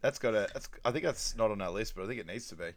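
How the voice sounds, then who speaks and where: A man's voice: lowish voice, animated, racing, slight background noise. A man co-hosting a casual movie rewatch podcast, laughing often and acting out lines from the film. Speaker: podcast co-host.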